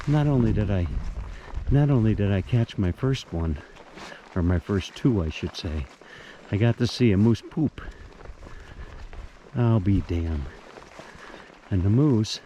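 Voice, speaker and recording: A man's voice: on the low side, mellow, lo-fi sound, slight background noise. An older man vlogging by a creek outdoors, talking in a folksy, rambling way and repeating himself. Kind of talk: casual outdoor vlog.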